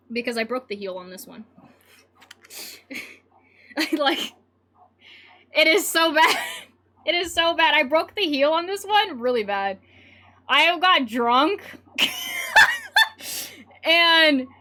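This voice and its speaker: A young woman chats loosely with her stream audience, rambling from one thought to the next and breaking into giggles. Her voice sits high and has a bright, forward edge. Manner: rambling and giggly, chatting with viewers. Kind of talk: casual stream chat.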